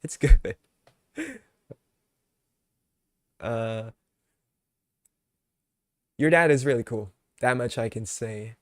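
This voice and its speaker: Male streamer, easygoing and rambling, filler-heavy casual chat, mid-pitched voice, dry sound. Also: dry recording. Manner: laid-back, rambling, many fillers, quick to laugh.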